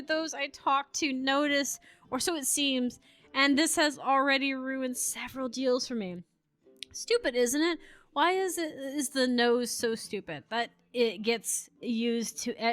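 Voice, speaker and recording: A woman's voice: high voice, fairly bright tone, no room sound. A woman voicing a worried, sweaty shop customer in a game, reading the lines plainly.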